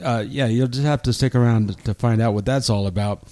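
A man's voice: mid-range voice, brisk, warm tone. Upbeat male podcast host. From Colorado. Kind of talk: casual podcast chat.

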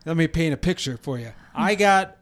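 Animated middle-aged man telling a story. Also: fairly high pitch, normal speed. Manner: animated, restarts sentences, acts out quotes. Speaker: podcast host telling a story. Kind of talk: casual storytelling chat.

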